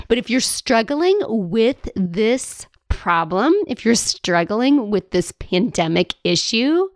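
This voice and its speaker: A woman hosts her own life coaching podcast, talking playfully and laughing often as she acts out whiny voices. Her voice sits at a middle pitch. The sound is dry and close, with no room echo. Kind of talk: solo podcast monologue.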